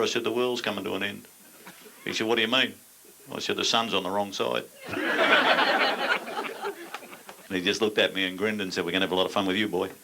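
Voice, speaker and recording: An older Australian man works through a stand-up routine in a blunt, crude yarn-spinning style. His voice sits low but carries a bright, forceful edge. There's a faint hiss of noise, and the audience laughs behind him. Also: gravelly. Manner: blunt, crude storytelling with dry punchlines. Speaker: stand-up comedian.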